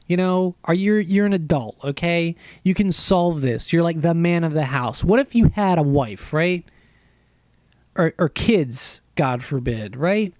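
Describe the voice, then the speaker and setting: Brief: male game streamer, casual storyteller, swears, bit high, dry sound. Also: unhurried, dry recording. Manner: animated, self-mocking, swears.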